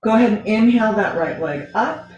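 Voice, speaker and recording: A woman teaching a gentle yoga class, talking the students through each pose in a relaxed, conversational way and often checking in with "right?". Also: mid-range voice, fairly quick, lo-fi sound. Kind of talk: guided yoga instruction. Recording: very echoey room with faint music.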